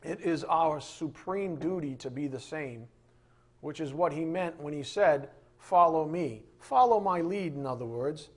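A man's voice: fairly high pitch, lively intonation, a little slow. A man preaching a sermon in an emphatic style, firing off rhetorical questions.

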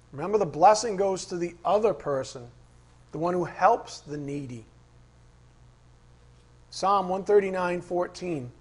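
A man teaching a Bible study class. He asks the class questions, reads verses slowly and repeats the key lines. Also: sits high, animated, breathy edge. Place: classroom with a board.

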